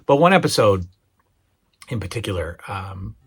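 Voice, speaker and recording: A middle-aged man hosts his own channel, chatting casually and hesitantly about memorable TV moments, full of fillers and restarts, with a touch of emotion as he gets worked up retelling scenes. His low voice is very animated, creaky and breathy-edged, fairly bright, at a moderate pace, over faint music.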